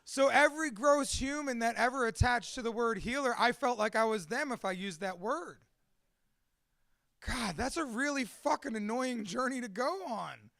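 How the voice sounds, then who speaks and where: High, gravelly man, swearing freely. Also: normal speed, dry recording, studio quality. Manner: swears constantly, blunt and animated. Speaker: speaker at a live storytelling event. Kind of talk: candid talk to an audience.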